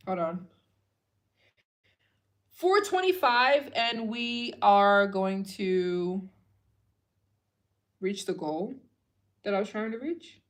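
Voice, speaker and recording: A young woman hosting a travel fundraiser livestream late at night, tired and chatting loosely with viewers, trailing into low murmurs between bursts of excitement.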